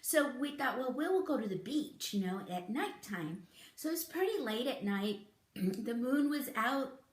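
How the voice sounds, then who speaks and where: Chatty, giggly woman with a lively voice. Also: fairly high pitch, a little slow, echoey room. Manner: chatty, giggly, animated storytelling. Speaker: beauty vlogger. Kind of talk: casual storytelling to camera.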